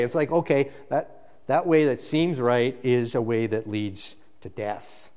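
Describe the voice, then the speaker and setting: A man preaching a sermon as pastor, earnest and emphatic, often restarting phrases and breaking into quick asides. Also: mid-range voice, fairly even intonation, a little mellow, smooth.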